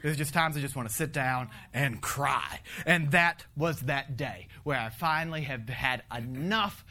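A man preaching a conversational sermon, animated, laughing often and swinging from loud to hushed. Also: medium pitch, unhurried. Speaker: pastor.

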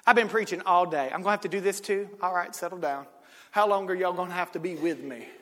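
A man's voice: high voice, quick pace, fairly bright tone, voice pushed down. A man voicing a weary, easygoing Jesus woken up in a boat, speaking in a drowsy, laid-back drawl. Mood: tired. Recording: long reverb of a hall.

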